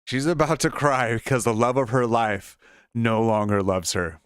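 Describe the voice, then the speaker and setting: A man co-hosts a political talk show, throwing in sarcastic, mocking asides. His voice is smooth and resonant. It sounds close and dry, with no room around it. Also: medium pitch, normal speed, dry recording. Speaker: political commentary co-host. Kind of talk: political commentary chat.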